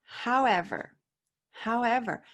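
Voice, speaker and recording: A woman with a fairly high voice talks as a guest coach in a relaxed interview. She leans hard on her points, mimics the people she quotes, and drops suddenly from loud to quiet. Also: slow. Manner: emphatic, acts out quoted voices, swings from loud to soft. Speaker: mental performance coach, guest. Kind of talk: casual interview chat.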